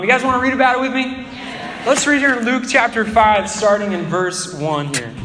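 A man's voice: high voice, a bit bright, slight background noise. A man preaching a sermon as a pastor, in a conversational way, and he acts out the voices of his listeners. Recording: echoey hall with long reverb.

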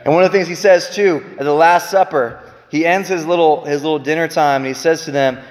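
A man giving a preaching-style Bible talk, emphatic, swinging between loud bursts and quiet low lines. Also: fairly even intonation, brisk. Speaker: Bible teacher. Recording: echoey hall with long reverb.

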